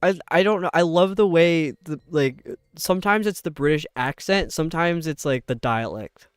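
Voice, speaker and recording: Studio-quality and dry, the recording captures a young man's fairly high, expressive voice, clear and resonant, with a light upstate New York accent. He's streaming a game, chatting and rambling with viewers amid quick laughs.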